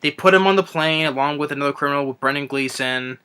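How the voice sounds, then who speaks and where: Rambling young man ranting, bright voice. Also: on the high side, fast, smooth. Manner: rambling, many restarts and fillers. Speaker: movie reviewer. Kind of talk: unscripted rant review.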